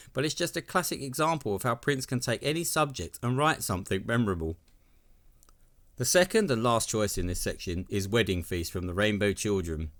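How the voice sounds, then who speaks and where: Man narrating with wry enthusiasm, lowish voice. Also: fairly bright tone. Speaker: video essay host. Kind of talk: scripted narration.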